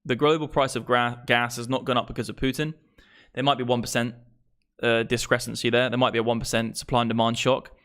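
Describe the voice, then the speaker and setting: A man's voice: mid-range voice, level tone, fast talker, fairly bright tone, smooth. Profane, exasperated man ranting. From England. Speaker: crypto streamer. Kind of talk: ranting live stream.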